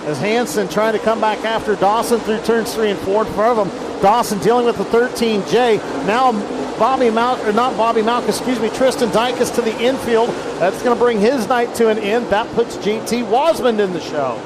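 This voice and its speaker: A man with a high-pitched voice calls a dirt track race in brisk, clipped play-by-play. His voice rides over loud roaring race engines. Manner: rapid lineup reading, brisk and clipped. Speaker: race announcer. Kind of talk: play-by-play racing commentary. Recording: race announcing with loud vehicle noise behind. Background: loud race car engines.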